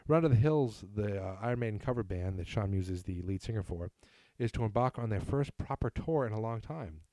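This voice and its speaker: A man's voice: fairly low pitch, animated, fairly quick, mellow, dry recording, studio quality. A man from New England hosting a casual solo podcast, reading listener emails aloud and rambling with self-deprecating asides. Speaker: podcast host.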